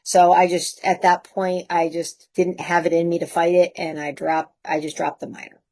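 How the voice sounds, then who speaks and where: Laughing woman telling stories, low voice. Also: normal speed. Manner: lively anecdotes with frequent laughs. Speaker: guest. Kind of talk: casual storytelling.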